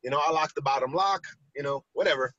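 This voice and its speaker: A man casually telling a personal story on a talk show, animated and acting out the quoted lines. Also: a little high, quick pace, no room sound, muffled recording. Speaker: podcast co-host.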